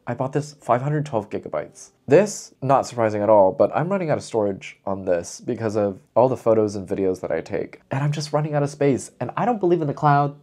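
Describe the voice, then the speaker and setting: A young man vlogging in a casual, chatty way, animated and full of asides. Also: mid-range voice, a little fast, few pauses. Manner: chatty, animated, says "y'all" a lot, frequent laughs. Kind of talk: casual chat to camera. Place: lives in Seoul.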